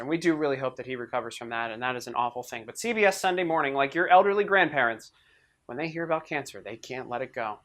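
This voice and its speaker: A man hosting a comedic online news show, delivering sarcastic, mocking commentary in an animated way. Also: fairly high pitch. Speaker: host. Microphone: webcam in a box frame.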